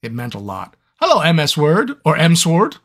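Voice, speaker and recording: A husky, slightly high-voiced man who narrates audiobooks speaks at normal speed in a live fan Q&A chat. He tells stories with playful animation as he talks with fans.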